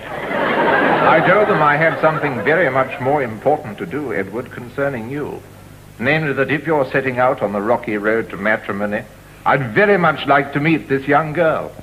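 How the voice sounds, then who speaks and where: An actor playing a remote, phone-obsessed upper-class English father in a 1960s TV sketch, clipped and brisk. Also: medium pitch, lively intonation, a bit bright, some chatter behind, slight background noise, natural voice, poor audio. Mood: awkward. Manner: brisk, clipped, distracted businessman.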